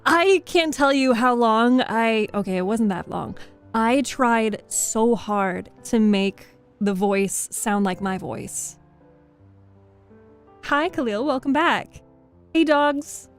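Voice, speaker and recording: A young woman with a high voice chats unhurriedly to her stream while playing. Her talk is playful and loose, greeting viewers. Soft game music runs behind her. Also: slow pace, clean tone. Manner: chatty, playful, greets chat. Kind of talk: casual game-stream commentary.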